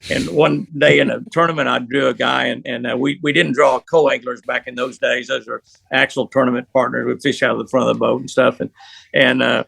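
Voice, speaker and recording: A man's voice: medium pitch, little pitch movement, fairly quick, gravelly, fairly bright tone, breathy edge. An older man, a professional angler, telling rambling, folksy anecdotes in an interview. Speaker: pro angler guest. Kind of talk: storytelling interview.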